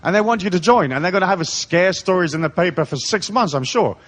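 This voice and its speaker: Irreverent, lively-voiced man giving a seminar. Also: high-pitched, fast. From raised in Africa, born in England. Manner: irreverent, profane, sardonic. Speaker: seminar speaker. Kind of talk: live seminar talk, comic storytelling. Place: live audience hall.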